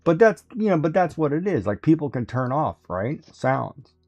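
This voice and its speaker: A man's voice: on the high side, big pitch swings, moderate pace, darkish tone, soft background music. Chatty man telling comic stories. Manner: storytelling, acts out voices, laughs often. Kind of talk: casual chat.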